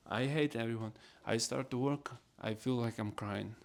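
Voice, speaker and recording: A man's voice: medium pitch, unhurried, gravelly. A man hosting a casual solo podcast, rambling in non-native English phrasing. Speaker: podcast host.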